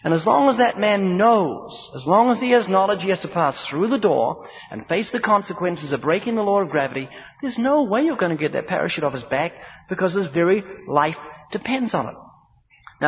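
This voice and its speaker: A man's voice: high-pitched, big pitch swings, brisk. A man preaching a sermon in an emphatic, rhythmic style, building points through repetition and acted-out dialogue. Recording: dull recording with long hall reverb.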